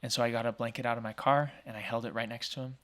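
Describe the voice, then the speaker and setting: A man in his thirties, from Oregon, telling stories as a guest in a casual interview, talkative and energetic, with many fillers like "like" and "um". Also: mid-range voice, racing. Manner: energetic, talkative, acts out quoted voices; frequent fillers like "like" and "um". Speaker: podcast guest, small business owner.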